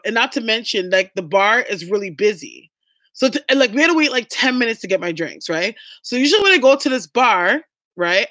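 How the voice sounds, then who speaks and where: A woman's voice: mid-range voice, fairly bright tone, no room sound, studio quality. A young woman vlogging, telling a story to her viewers in a blunt, chatty way and swearing freely.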